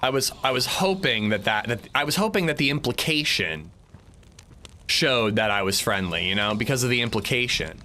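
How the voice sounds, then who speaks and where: A young man talks casually over his gameplay livestream, rambling and restarting his sentences as he goes. His voice is bright and forward at a middle pitch, with a faint hiss of noise behind it. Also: lively intonation, moderate pace. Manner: chatty and rambling, frequent restarts and fillers. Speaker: streamer.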